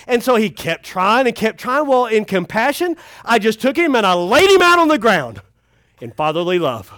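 A middle-aged male pastor with a notably high, animated voice, spinning humorous family tales in a country-style camp sermon. His delivery rises and falls freely as he plays for laughs. The sound is close and dry, with no room around it. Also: fairly quick, no echo. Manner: folksy and humorous, acting out a child's cries.

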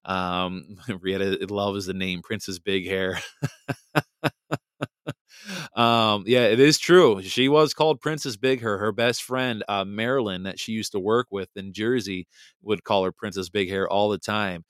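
A man hosting a podcast, chatting casually with his live chat and reading a passage aloud, animated and laughing often. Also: on the low side, measured pace, smooth, no echo, studio quality. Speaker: podcast host. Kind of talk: casual livestream chat, reading comments and history text.

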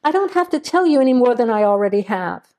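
Woman voicing a defensive young woman under questioning, sharp replies, dark mellow tone. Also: a little high, big pitch swings, quick pace, voice pushed up. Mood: defiant.

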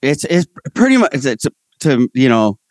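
A man talking as a comedian guest in a casual interview, telling stories in slangy, animated speech and voicing the people he quotes. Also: medium pitch, normal speed, no echo, clean studio sound.

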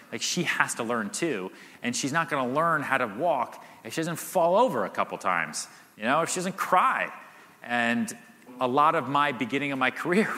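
A man in his thirties, a guest at a live summit, tells stories with lots of laughs and "like" fillers. His voice is very bright and cutting. It echoes through a large hall. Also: on the high side. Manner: animated storyteller, laughs often, many "like" fillers. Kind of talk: live Q&A storytelling. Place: event stage. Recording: reverberant hall.

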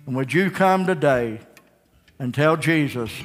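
A man's voice: a little high, lively intonation, unhurried. Folksy preacher man, reverberant sanctuary. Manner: folksy storytelling preacher, jokes with the congregation. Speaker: pastor. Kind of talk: sermon. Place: church sanctuary. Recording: live church sound with long reverb and faint guitar.

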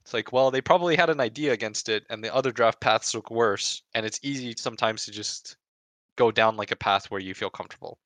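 A man telling a story about a tournament in casual podcast chat, animated and full of swearing. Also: mid-range voice, brisk, dry recording. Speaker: pro esports player recounting a tournament.

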